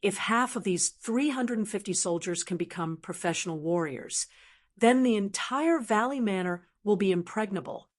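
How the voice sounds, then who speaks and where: A woman voicing an excitable male butler in an audiobook, his voice trembling with excitement. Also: mid-range voice, normal speed, natural voice. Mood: eager.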